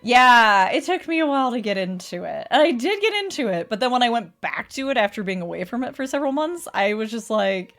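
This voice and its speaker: A woman's voice: a little high, big pitch swings, fast, hardly any pauses. A young adult woman streaming a casual chat, laughing often and swearing casually. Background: faint music.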